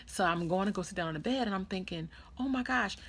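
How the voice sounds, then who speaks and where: A young adult woman telling a story in a casual vlog, animated and dramatic as she acts out what people said. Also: on the low side, quick pace. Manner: animated, dramatic retelling with quoted voices. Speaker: vlogger.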